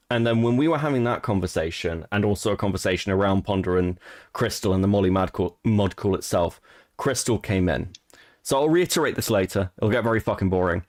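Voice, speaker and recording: A man's voice: fairly low pitch, animated, fairly quick. A man co-hosting a live stream, chatting casually, swearing and laughing, often restarting his sentences. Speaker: stream co-host.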